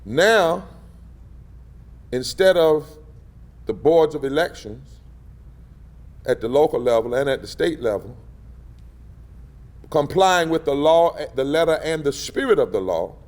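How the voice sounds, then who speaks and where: A man's voice: lively intonation, unhurried, pauses often. Fervent man preaching at a podium. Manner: rhythmic, emphatic, swells louder and higher on key phrases. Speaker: civil rights leader and pastor speaking at a press event. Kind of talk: impassioned preacher-style public address. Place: indoor press gathering.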